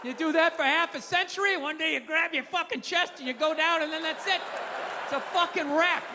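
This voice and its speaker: A middle-aged man in his fifties doing a stand-up comedy set, ranting profanely and animatedly with sudden shouts. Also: very high-pitched, brisk, crowd noise, noisy background. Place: comedy club stage. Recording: roomy live theater sound. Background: audience laughter.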